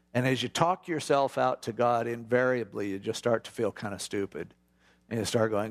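A middle-aged man with a gravelly, creaky edge to his voice, teaching from scripture in a relaxed, conversational way. He slips into quick acted-out prayers and asides as he talks. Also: mid-range voice. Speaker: pastor.

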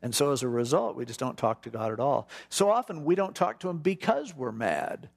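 Middle-aged guy preaching casual, bit gravelly, acts out little prayers as he goes. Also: medium pitch, animated. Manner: informal, acts out prayers in quick asides. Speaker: pastor. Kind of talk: conversational Bible teaching.

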